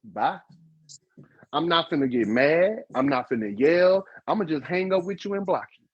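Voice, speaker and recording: Man, casual advice talk, emphatic, husky, lo-fi mic. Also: a little high, a little fast, no room sound. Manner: animated, emphatic, repeats "guess what". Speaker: podcast co-host.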